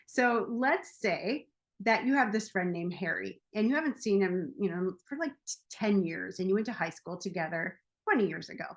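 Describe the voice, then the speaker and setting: A woman's voice: medium pitch, expressive, normal speed. A woman hosting a show, talking casually to the camera in a playful, chatty way and laughing at herself. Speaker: host.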